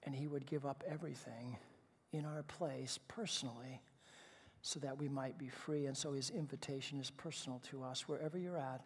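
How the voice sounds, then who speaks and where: A male pastor preaching a sermon in a conversational way, stumbling over repeated words and swinging from hushed to loud and emphatic. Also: mid-range voice, fairly even intonation, normal speed, breathy edge. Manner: conversational, with repeated false starts. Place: church sanctuary. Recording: reverberant church hall.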